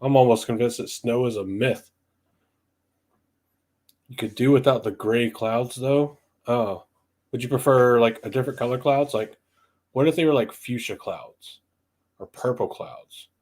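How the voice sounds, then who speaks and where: A man's voice: medium pitch, unhurried, pauses often, darkish tone. A young man from the southeastern United States chatting casually on a livestream podcast, thinking aloud with lots of ums and restarts. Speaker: podcast host.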